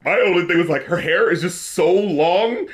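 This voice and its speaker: A man's voice: high voice, moderate pace. A man co-hosting a podcast in casual, profane chat, laughing often and using lots of fillers. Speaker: podcast co-host.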